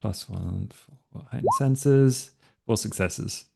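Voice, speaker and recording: A man's voice: on the low side, takes it slowly, creaky, background noise. A man playing a tabletop game, speaking in character in a laid-back, offhand, persuasive way. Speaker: player.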